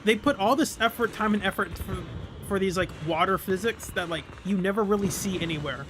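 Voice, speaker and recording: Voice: mid-range voice, brisk, noisy background. A streamer giving casual gameplay commentary, chatty and self-deprecating.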